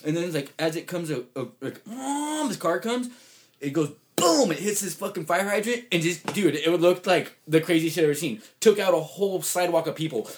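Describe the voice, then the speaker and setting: A man telling a rambling, profane story in casual chat, saying "dude" constantly and getting loud when excited. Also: on the high side, fairly quick.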